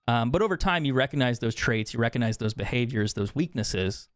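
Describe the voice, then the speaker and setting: A man's voice: mid-range voice, lively intonation, brisk, smooth, dry recording, studio quality. A young man streaming a game, chatting candidly with viewers, swearing freely and laughing often. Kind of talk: casual chat with stream viewers while gaming.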